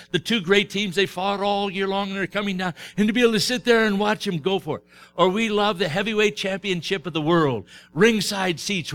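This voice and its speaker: A man preaching a sermon, retelling stories with acted-out dialogue in an animated way. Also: sits high. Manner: animated storytelling, acts out dialogue.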